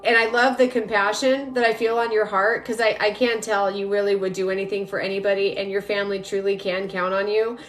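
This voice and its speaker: A woman's voice: medium pitch, little pitch movement, fairly quick, few pauses, slight background noise. Chatty woman live-streaming as energy coach. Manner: chatty, rambling, addresses viewers directly. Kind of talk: casual live-stream talk. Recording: faint music behind.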